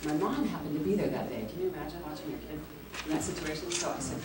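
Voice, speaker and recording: A woman guest at a convention Q&A, telling a lively anecdote, acting out the quotes and laughing often. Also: low voice, quick pace. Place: large echoey convention hall. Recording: echoey hall, distant mic, background noise.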